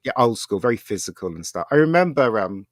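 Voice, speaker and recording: A man's voice: medium pitch, sing-song, quick pace, no echo, studio quality. A man, a podcast guest, chatting casually and telling a rambling personal story with lots of laughter.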